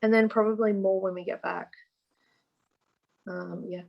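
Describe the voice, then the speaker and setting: Easygoing Australian woman co-hosting a chatty crafting podcast over a call, relaxed delivery. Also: mid-range voice, unhurried, gravelly, highs cut off. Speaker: podcast co-host. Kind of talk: casual chat.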